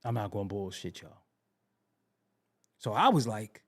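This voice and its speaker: A man hosting a podcast, telling music history stories in a casual, animated way and repeating himself for emphasis. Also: fairly low pitch, a little slow, pauses often. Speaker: podcast host.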